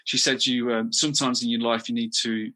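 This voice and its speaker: A middle-aged man from England talking candidly as an interview guest, halting often with restarts and repeated words. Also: mid-range voice, little pitch movement, bright, forceful tone.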